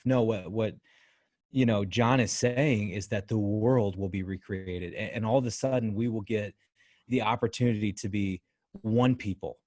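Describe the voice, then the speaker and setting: Lowish-voiced man, chatty church podcast cohost, dry close sound. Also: normal speed, darkish tone, dry recording. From United States. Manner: chatty, laughs, speaks as a parent. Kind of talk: casual faith discussion.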